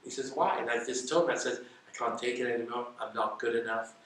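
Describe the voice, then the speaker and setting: A man's voice: mid-range voice, fast. A man telling stories in a casual interview, acting out the dialogue as he goes. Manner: animated, acts out quoted dialogue. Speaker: interview guest. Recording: echoey room, distant mic, faint noise.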